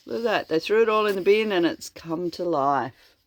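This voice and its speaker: An older woman reading a storybook aloud to her grandchildren, slow and expressive, chatting to them about the pictures. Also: on the low side, no room sound. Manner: slow and expressive, chatting to children between lines. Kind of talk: read-aloud storytelling to children.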